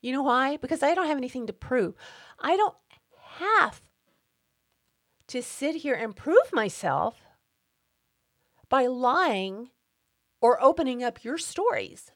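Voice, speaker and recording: A woman's voice: high-pitched, expressive, unhurried. A middle-aged woman hosting her own podcast, speaking an emphatic, indignant personal monologue and getting worked up as she talks. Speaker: podcast host.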